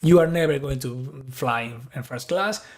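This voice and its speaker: A man's voice: mid-range voice, normal speed, darkish tone. A man from Argentina, a native Spanish speaker with an Argentine accent, giving an earnest, persuasive tech conference talk built around an analogy.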